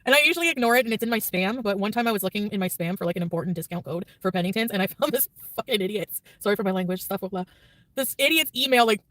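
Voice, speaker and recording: Woman vlogging super quick, rambly and defensive, dead dry sound. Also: mid-range voice, lively intonation, no echo. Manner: rambling, defensive, laughs often. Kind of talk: casual vlog chat.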